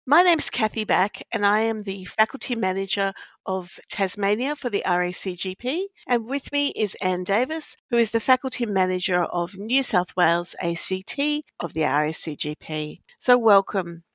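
A woman hosting a podcast, explaining in a measured, explanatory way and stressing key words. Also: mid-range voice, expressive, fairly bright tone, dry recording. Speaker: podcast host, practice faculty manager. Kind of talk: scripted-sounding podcast chat. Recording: dry, slightly dull lo-fi recording.

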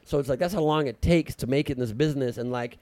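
Comedian, late 30s, rapid-fire anecdotes, dry close mic. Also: male voice, medium pitch, no room sound. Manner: fast, animated storytelling with fillers. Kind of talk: casual podcast chat.

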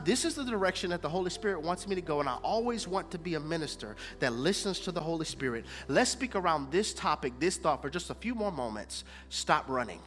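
Male pastor, bright, lively high voice, faint music underneath. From Houston, Texas. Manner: swings between hushed lows and loud, near-sung peaks. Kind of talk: sermon with prayer.

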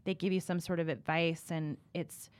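A woman with a notably low voice co-hosts a casual faith talk. She speaks with enthusiasm and lively energy and laughs easily. The sound is dry. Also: moderate pace, dry recording. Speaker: podcast co-host.

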